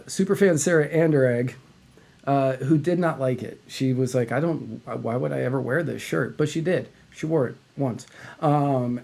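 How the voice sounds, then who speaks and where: A man co-hosting a live podcast, chatty and quick to laugh, often echoing his partner. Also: fairly high pitch, darkish tone. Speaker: podcast co-host. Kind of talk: casual chat, live auction.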